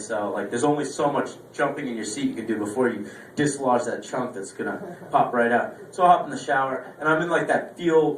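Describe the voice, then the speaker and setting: A young man performing a stand-up comedy set, telling a story with lively acted-out voices. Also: mid-range voice. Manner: animated storytelling, acting out quoted voices. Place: small club stage. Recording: echoey room, distant mic, faint room noise.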